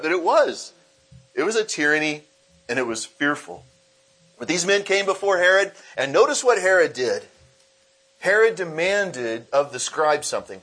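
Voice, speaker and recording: A man's voice: a little high, moderate pace. A man preaching a sermon as pastor, reading scripture aloud and explaining it, slipping into acted voices for the people in the story. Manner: animated, acts out quoted voices.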